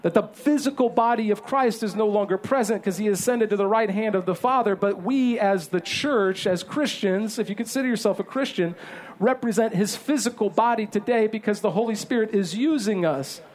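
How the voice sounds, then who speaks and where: A man in his thirties preaching a sermon as pastor, telling a self-deprecating story in an animated way. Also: sits high, moderate pace.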